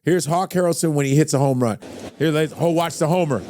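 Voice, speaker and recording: A man hosting a casual podcast chat, excitable and breaking into loud sports-announcer impressions. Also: on the high side, fairly quick, no room sound, studio quality. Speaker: podcast host.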